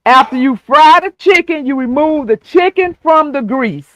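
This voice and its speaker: A man's voice: extremely high pitch, expressive, normal speed, a bit bright, no room sound. A man hosting a casual stream chat, folksy and talking people through a recipe step by step. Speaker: show host.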